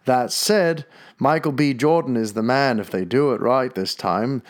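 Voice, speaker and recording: A man's voice: medium pitch, a little slow, close to an everyday voice. A man putting on a clumsy Australian accent, reading a fan letter. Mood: apprehensive. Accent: put-on Australian. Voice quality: mangled, exaggerated accent attempt.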